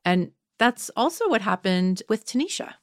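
A woman's voice: mid-range voice, very animated, normal speed, dry recording, clean studio sound. A woman co-hosting a parenting podcast who reads stories and reflects earnestly. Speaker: podcast co-host. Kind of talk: reading a listener story and chatting.

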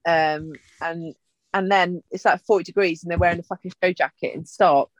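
A woman co-hosting a podcast in casual chat, expressive and full of joking complaints, swearing freely. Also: lowish voice, normal speed, no echo, lo-fi sound. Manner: expressive, swears freely, jokey exaggerated fear. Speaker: podcast co-host.

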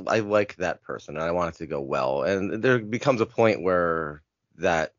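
A man co-hosting a podcast, with a very low voice. He speaks haltingly, restarting his sentences often. The recording is dull and lo-fi, close and dry. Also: a bit bright, dry recording. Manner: halting, many false starts. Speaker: podcast co-host. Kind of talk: casual podcast chat.

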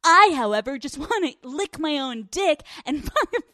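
A woman voicing a dim, cheerful male pet dog in a high, silly, excited voice. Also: moderate pace, no room sound, clean studio sound, exaggerated voice.

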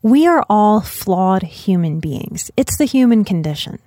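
A woman hosting her own podcast as a life coach and psychotherapist, talking through an idea in a measured way and slowing down to stress key phrases. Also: mid-range voice, very animated, warm tone, soft background music. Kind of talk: solo podcast talk.

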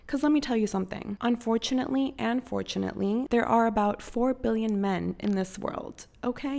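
A woman's voice: mid-range voice, gravelly, a little mellow. A young woman from Costa Rica hosting a podcast, giving casual motivational advice in a frank, profane, pep-talk manner. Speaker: podcast host.

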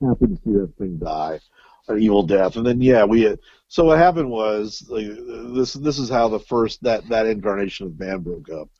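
A man's voice: on the low side, expressive, moderate pace, dark tone, no echo, highs cut off. A man telling a long, profane story as an interview guest, full of fillers and restarts. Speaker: guest musician. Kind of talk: casual storytelling.

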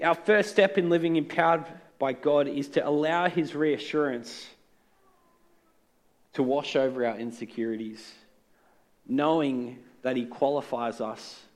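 A man's voice: mid-range voice, steady tone, unhurried, long pauses. A man preaching a sermon in an earnest, conversational way with touches of humor. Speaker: pastor. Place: church.

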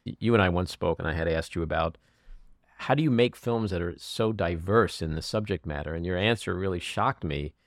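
Male podcast host, casual and appreciative, lowish voice, dry close mic. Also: brisk, dry recording. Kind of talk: casual interview chat.

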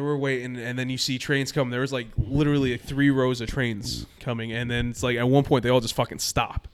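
A man from New Jersey tells a rambling story in a relaxed, casual chat. His voice sits at an ordinary middle pitch, and he jumps between loud, heated bursts and quieter asides. He swears freely as he goes. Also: clear, resonant tone. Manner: animated, profane, storytelling.

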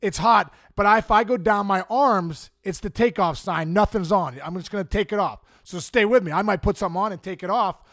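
A man's voice: high voice, a little fast, hardly any pauses, a bit bright, no echo, studio quality. A man voicing a stern middle-aged male baseball manager, explaining things step by step in a briefing tone. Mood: instructive.

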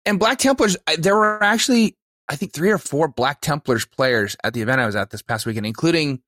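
A man's voice: on the high side, lively intonation, brisk, fairly bright tone, no echo. Enthusiastic guy on a gaming podcast, trips over his words, dry recording. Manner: enthusiastic, stammering restarts. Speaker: podcast co-host. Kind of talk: casual chat about tabletop gaming.

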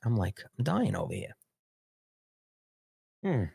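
A man's voice: mid-range voice, sing-song, slow pace, gravelly, darkish tone, slightly rough, no room sound, clean studio sound. A man hosting a casual live political show, rambling and sarcastic with frequent swearing. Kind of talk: casual live-stream commentary.

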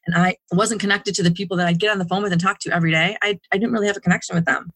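A woman's voice: medium pitch, fairly even intonation, very fast, fairly bright tone, breathy edge, no room sound. A woman guest in an interview, telling her story in a rambling way with many restarts and fillers. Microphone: home setup, dry sound.

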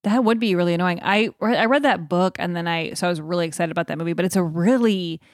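A woman's voice: fairly low pitch, fast talker, dry recording, studio quality. A woman co-hosting a podcast in casual chat, rambling with lots of "like". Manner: rambling, heavy use of "like". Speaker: podcast co-host.

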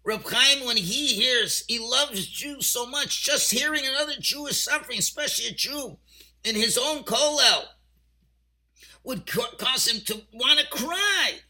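Male rabbi, sermon-style Torah talk; higher voice, sharp and bright, dramatic storytelling with Hebrew and Yiddish terms. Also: animated, measured pace. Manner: emphatic storytelling, swinging from quiet to loud. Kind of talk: weekly Torah portion talk.

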